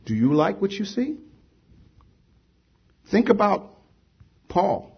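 High, lively-voiced preacher man, husky. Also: takes it slowly, lo-fi sound. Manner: emphatic, repeats rhetorical questions to the congregation. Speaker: pastor. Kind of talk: sermon. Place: church with a congregation.

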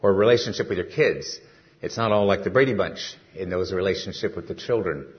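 A man preaching a sermon, earnest and full of rhetorical questions, rising louder on key phrases. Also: low voice, brisk. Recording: dull lo-fi sermon recording.

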